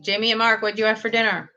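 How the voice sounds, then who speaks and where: A woman's voice: fairly high pitch, level tone, a little fast, bright, forceful tone, dull audio. A middle-aged woman hosting a casual live chat with viewers, rambling and laughing often. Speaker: livestream host.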